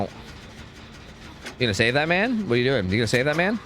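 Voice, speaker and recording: A man streaming a game, chatting excitedly and swearing as he talks to his teammates and viewers. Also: medium pitch, moderate pace, a little hiss or hum. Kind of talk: live gameplay commentary.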